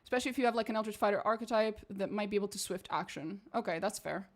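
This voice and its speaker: Talking very fast at a medium pitch, a young woman from Portugal laughs and swears through blunt commentary while streaming a game. Her accent wanders between posh British and American, with a slight Portuguese edge.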